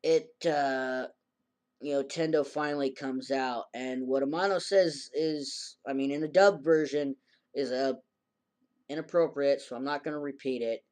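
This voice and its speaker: A man's voice: medium pitch, fairly even intonation, unhurried, darkish tone. A man casually recapping an anime episode in a rambling way, acting out the characters' lines in a raised voice. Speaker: anime reviewer.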